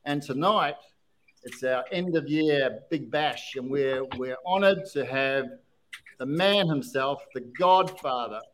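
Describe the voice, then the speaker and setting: A man with an Australian accent hosting a casual podcast, excitable and laughing, often stumbling over his words. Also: mid-range voice, slow pace, slight background noise. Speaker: podcast host.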